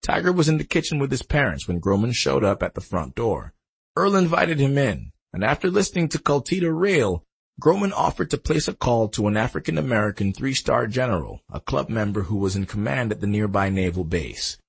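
Male audiobook narrator, gravelly, husky, lively pitch, expressive. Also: a little fast. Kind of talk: scripted narration.

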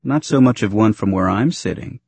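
A man's voice: low-pitched, normal speed, slightly rough, no echo. A man voicing a dry-witted, playful young woman. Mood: wry.

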